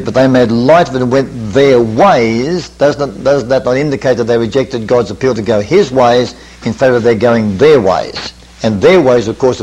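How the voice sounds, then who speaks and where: An older male preacher taking a camp meeting through a parable, step by step. He talks in a measured, teacherly way, asks his listeners questions, and reads the old scripture wording with care. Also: mid-range voice, a little mellow, husky, low-quality recording. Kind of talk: Bible study lecture.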